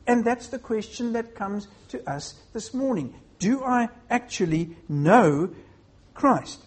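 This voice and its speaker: Preacher delivering a sermon: husky, deliberate, asks the congregation pointed questions. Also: medium pitch, lively intonation. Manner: measured, posing rhetorical questions to the congregation.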